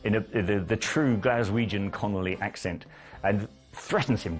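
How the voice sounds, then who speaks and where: A man's voice: on the low side, moderate pace, soft background music. A man in a documentary interview, retelling a film scene with relish. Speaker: documentary commentator. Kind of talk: interview commentary.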